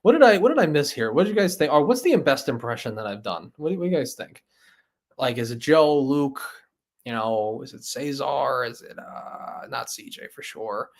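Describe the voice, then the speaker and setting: Chatty male livestream host. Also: medium pitch. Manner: rambling, laughing, doing impressions of other creators. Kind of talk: live-stream chat.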